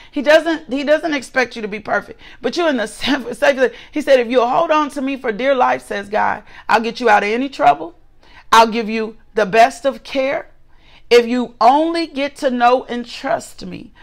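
A woman's voice: high-pitched, gravelly. A woman in her forties reading scripture and preaching a devotional message, fervent and repeating her phrases. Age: 40s. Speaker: host and preacher.

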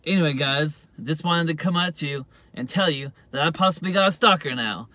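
A man's voice: fairly high pitch, normal speed, sharp tone, no room sound. A man vlogging into his phone in a casual, rambling monologue, leaning on "you know" at every turn. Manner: rambling, heavy use of "you know" fillers. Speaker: YouTube vlogger.

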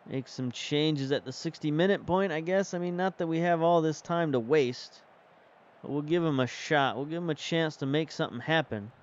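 Male game streamer, casual play-by-play while thinking aloud, fairly high and smooth voice, slightly dull lo-fi recording. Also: normal speed. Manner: chatty, thinks aloud while managing the match. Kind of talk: casual commentary while playing.

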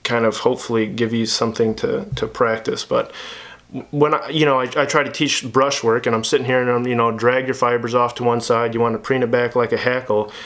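A man of ordinary pitch talks through tying a fly step by step. His delivery is loose and conversational, full of "uh" and "um" and small restarts, like a teacher at his bench. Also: fairly quick. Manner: relaxed, chatty, many fillers and restarts. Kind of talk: casual tutorial narration.

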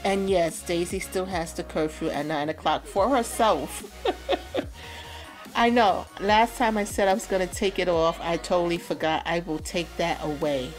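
A woman's voice: on the low side, unhurried, soft background music. A woman hosting a gameplay video, chatting playfully and casually with slangy asides. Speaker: let's play host.

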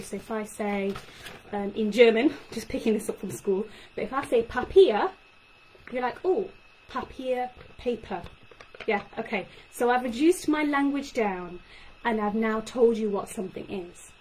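A young woman, a speech and language therapist explaining tips to parents in an animated way. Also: medium pitch, low-quality recording. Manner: animated, acts out child-directed phrases. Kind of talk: talk to parents. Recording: faint background noise.

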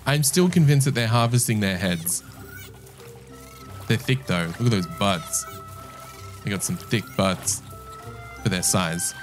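Low-voiced man rambling over gameplay. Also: animated, a little slow, pauses often, over music. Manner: rambling, self-mocking, chatty with game characters. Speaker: gameplay commentator. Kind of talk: casual let's-play commentary.

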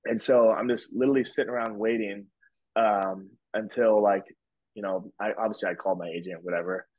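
His voice is fairly low with a darkish tone and fairly even intonation, and he speaks briskly. He's a podcast guest in his twenties, casually rambling through a story full of fillers such as "like" and "whatever." The sound is dry, dull and lo-fi.

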